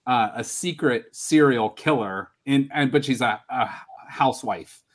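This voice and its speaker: Man, podcast host, casual movie-draft chat, enthusiastic, mid-pitched voice. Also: unhurried. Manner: enthusiastic, laughs while talking.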